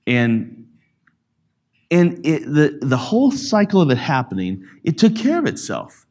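A man's voice: a little high, huge pitch swings, measured pace, darkish tone. Middle-aged guy telling a story about his kid, voice goes way up and down, acts out the quotes. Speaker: parent speaking to a church audience. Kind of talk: storytelling talk.

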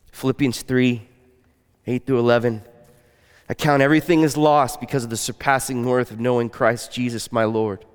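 A man preaching a sermon in an earnest, conversational way, his voice often dropping soft and quiet. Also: mid-range voice, big-room sound. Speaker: pastor.

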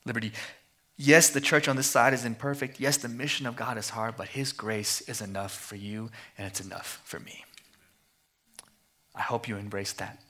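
A man preaching a sermon at a missions conference, passionate and rhythmic, repeating phrases and dropping to hushed tones. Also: mid-range voice, steady tone, moderate pace. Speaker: guest preacher.

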